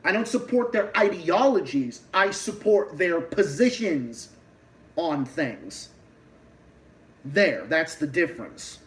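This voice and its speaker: A man with a Boston accent rants about politics on a livestream, swearing freely and often restarting mid-sentence. His voice sits a little high for a man. He sounds slightly distant, as if sitting back from the microphone. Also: sing-song, slow pace. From Massachusetts. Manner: heated, profane ranting with many restarts. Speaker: livestream host.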